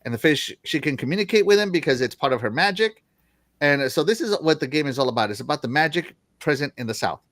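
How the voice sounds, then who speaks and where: A man's voice: a little high, animated, fast, a bit bright, no room sound, clean studio sound. A man hosting a gaming news show, chatting casually in a rambling way and laughing often. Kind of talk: casual panel chat.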